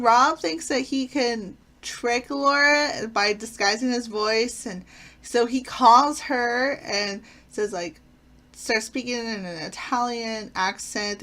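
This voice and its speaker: A woman's voice: fairly high pitch, fairly bright tone. A woman casually reviewing favorite sitcom episodes, retelling plots with enthusiasm and frequent fillers. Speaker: channel host.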